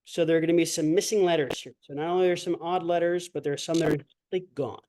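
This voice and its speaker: His voice is a little high and mellow, with fairly even intonation and a fast pace. As an online language instructor, he lectures in a chatty, digressive way with lots of fillers, exaggerating his voicing to demonstrate sounds.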